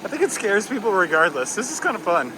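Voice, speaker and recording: Brief: high-pitched, animated male vlogger from the US Northeast, excitable ride commentary, loud park noise behind. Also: fast. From northeastern United States. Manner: excitable, squeals and whoops on rides. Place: outdoors at a theme park water ride. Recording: noisy outdoor park recording.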